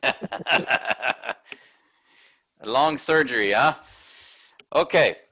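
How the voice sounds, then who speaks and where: A man's voice: medium pitch, drawn-out words, bright, forceful tone, slightly rough, low-quality recording. A man teaching an online workshop, explaining a text step by step and checking in with his listeners.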